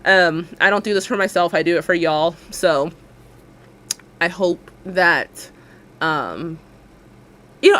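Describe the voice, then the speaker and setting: A playful, encouraging woman, talking casually to her livestream audience. Her pitch swings widely as she chats, and she laughs often. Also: sharp tone. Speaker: streamer.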